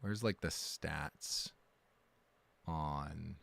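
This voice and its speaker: Speaking very slowly in a creaky bass voice with a fairly bright tone, a man chats casually on a live stream. He rambles, corrects himself a lot and joins in the jokes with his chat.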